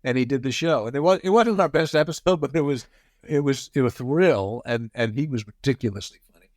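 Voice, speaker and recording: A man in his sixties telling show-business anecdotes as a guest, animated and often acting out quotes. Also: mid-range voice, brisk, dry recording, clean studio sound. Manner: lively storyteller, acts out quotes.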